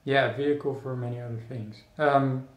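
A man's voice: medium pitch, steady tone. Man musing in an echoey room. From Netherlands. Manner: thoughtful, halting, many restarts and fillers. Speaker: artist guest. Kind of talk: casual interview conversation.

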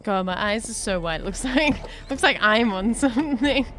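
Young woman, lively sing-song voice, giggly game commentary, music playing underneath. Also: a little high, normal speed. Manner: giggly, excitable, chatty with gasps and squeals. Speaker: gaming YouTuber.

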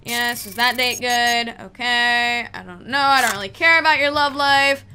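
A woman's voice: high-pitched, moderate pace, hardly any pauses, bright, forceful tone, a little hiss or hum. A young woman giving chatty, joking let's play commentary while she plays, talking to the characters on screen. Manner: chatty, jokey, talks to game characters. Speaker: gaming YouTuber.

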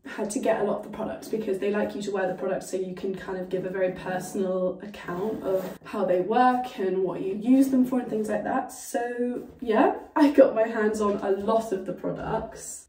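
A woman's voice: medium pitch, dark tone. A young woman, chatting casually and upbeat to camera in a vlog, with "like" in many sentences. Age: young adult. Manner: chatty and upbeat, says "like" often. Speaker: vlogger. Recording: background music under the voice.

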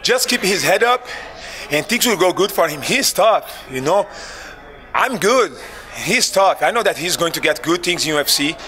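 A man with a Brazilian accent speaks earnestly after a fight, his voice bright and forceful and pitched a little high. He often stops and restarts his phrases. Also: lively intonation, normal speed. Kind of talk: post-fight interview.

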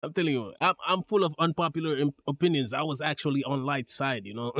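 A man's voice: a little high, fairly quick, a bit bright, no room sound. A man hosting a reaction video, chatting casually with frequent laughs and stammers.

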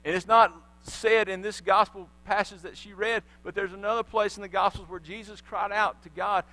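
A man's voice: high voice, fairly even intonation, moderate pace, hardly any pauses, sharp tone, dry recording, rough recording. A man preaching a sermon in church, telling the story animatedly and acting out the voices of the people in it. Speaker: pastor. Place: church sanctuary.

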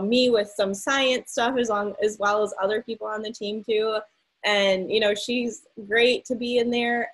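A woman's voice: mid-range voice, slightly rough, low-quality recording. A woman in her thirties hosting a casual chat, telling a story animatedly with many likes and acting out the quotes. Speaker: host.

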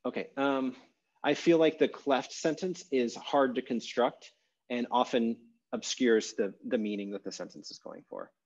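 A man's voice: medium pitch, moderate pace, darkish tone, muffled recording. Man teaching grammar over a video call. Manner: thinking aloud, many ums and self-corrections. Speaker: online language course teacher. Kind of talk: explaining grammar in a live online class.

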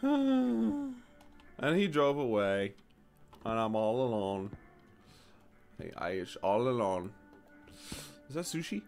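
A man giving casual, animated commentary while playing a store game, jumping to high excited exclamations and mock-polite shopkeeper lines. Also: takes it slowly, gravelly, pauses often, soft background music. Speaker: gaming YouTuber.

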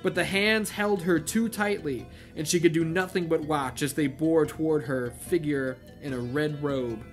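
A man's voice: a little high, steady tone, normal speed, faint music behind. A man hosting a comedic read-through of a novel, breaking off from the text for wry asides. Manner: wry asides that interrupt the reading. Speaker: channel host reading a novel aloud.

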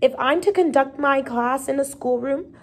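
A small mouse gentleman, friendly and brisk, sure of himself and always ready to help. A woman reads him aloud from a storybook, her voice sitting a little high. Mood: agreeable. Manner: friendly, brisk and self-assured.

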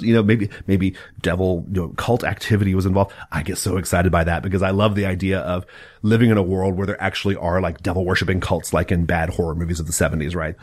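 A man hosting a casual podcast chat, gushing with excitable, profane enthusiasm. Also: sits low, creaky. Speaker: podcast host.

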